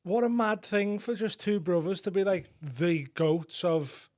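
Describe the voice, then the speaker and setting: A man's voice: sits high, measured pace, darkish tone. A man co-hosting a comedy podcast, chatting casually and joking about himself. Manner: laughs often, self-mocking. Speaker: podcast co-host.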